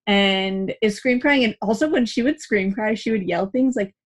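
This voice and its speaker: A woman's voice: medium pitch, moderate pace. A young adult woman hosting a parenting show, chatting casually, acting out quoted dialogue and using "like" a lot. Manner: chatty, acts out quoted dialogue, many "like" fillers. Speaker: parenting podcast host. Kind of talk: casual advice chat.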